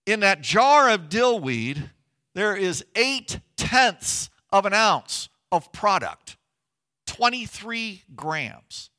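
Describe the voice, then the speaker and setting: Male pastor, middle-aged, high bright voice, earnest conversational sermon delivery. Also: very animated, extremely slow. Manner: earnest, conversational preaching with emphatic rises.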